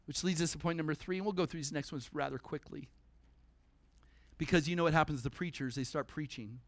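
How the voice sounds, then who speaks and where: A man preaching a sermon at a church service, animated and conversational, breaking into humorous asides. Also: fairly high pitch, fairly quick, dry recording.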